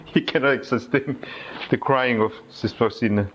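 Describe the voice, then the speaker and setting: A priest giving a sermon, reading a diary aloud and adding halting asides and rhetorical questions to his listeners. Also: medium pitch. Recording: dull lo-fi recording.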